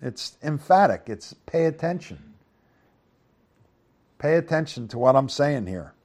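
A man's voice: very animated, measured pace, long pauses. Man teaching Bible verses, folksy. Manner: reads scripture louder, then explains in a low conversational aside; asks the listeners "right?" and "okay?". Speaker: preacher.

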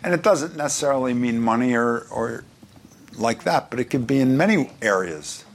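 A pastor from New York with a New York accent, preaching in a conversational way with joking asides and scripture read aloud. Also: male voice, mid-range voice, animated, normal speed, slight background noise. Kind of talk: sermon.

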